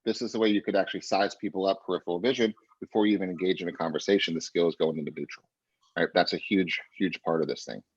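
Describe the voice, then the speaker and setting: A man leads a sales training session over a video call, speaking in a low, husky voice. He keeps checking in with "right?" and urges the listeners to pay attention. The audio is muffled and dry. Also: fast talker, no echo. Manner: energetic coaching, repeats "right?" and "pay attention", acts out client quotes. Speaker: real estate sales trainer.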